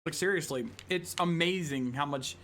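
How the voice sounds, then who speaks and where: A man with a high, bright voice chatting casually with his livestream viewers. He rambles loosely, with lots of fillers and restarts. It sounds like a home streaming setup with a green screen. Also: moderate pace. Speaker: livestream host.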